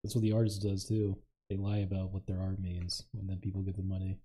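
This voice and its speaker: A man's voice: low-pitched, completely flat delivery, quick pace, mellow, husky. A man co-hosting a podcast, teasing his friends in crude, casual banter and laughing often. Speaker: podcast co-host.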